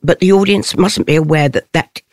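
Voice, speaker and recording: An older stage actress giving an interview. She speaks in a thoughtful, measured way and laughs softly often. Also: deep voice, no room sound, clean studio sound.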